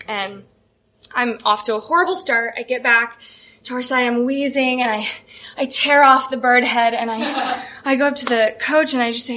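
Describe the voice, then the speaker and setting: A woman's voice: fairly high pitch, sharp tone. A young woman telling a self-deprecating personal story on stage, chatty and full of "like".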